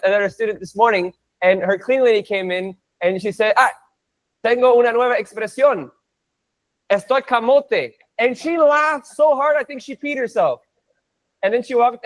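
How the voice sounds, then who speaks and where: A man teaching an online Spanish class, energetic and playful, drilling words by repeating them. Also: very high voice.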